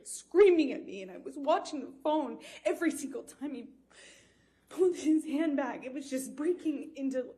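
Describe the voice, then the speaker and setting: Woman witness in court; mellow, somewhat high voice; halting testimony full of restarts. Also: husky.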